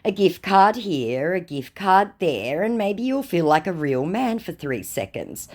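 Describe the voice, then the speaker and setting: Lively, sarcastic woman telling a story. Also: fairly low pitch, a little slow. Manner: sarcastic and mocking. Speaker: vlogger recounting scam chats. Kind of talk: storytime narration reading out chat messages.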